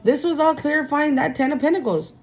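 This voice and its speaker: A woman's voice: sits high, animated, brisk, a little hiss or hum, low-quality recording. A woman giving a casual tarot reading to her viewers, blunt and emphatic, swearing freely and calling them y'all. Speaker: tarot reader.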